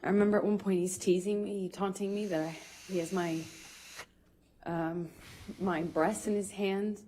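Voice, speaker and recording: A woman giving courtroom testimony, halting and emotional, with frequent fillers and restarts. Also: mid-range voice, fairly even intonation, dark tone, slight background noise. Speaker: witness testifying.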